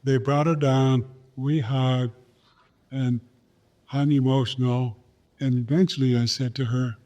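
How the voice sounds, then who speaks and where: Older man, interview guest, earnest storytelling, warm mellow tone, repeats key phrases. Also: mid-range voice, level tone, a little slow. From Pine Ridge Reservation, South Dakota, USA. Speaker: guest, Olympic champion. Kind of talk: reflective storytelling in a podcast interview.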